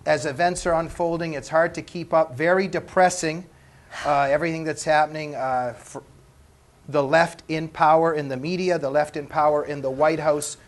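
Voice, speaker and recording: A man's voice: on the high side, a little hiss or hum. A man from Canada hosting a panel talk show, joking and laughing often. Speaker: host.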